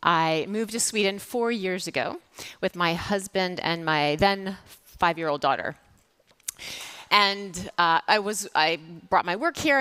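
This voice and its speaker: Bright, chatty American woman on stage. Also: lowish voice, clean tone. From United States. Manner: chatty, anecdotal, many fillers and restarts. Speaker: keynote speaker. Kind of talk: conference talk. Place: stage at a summit.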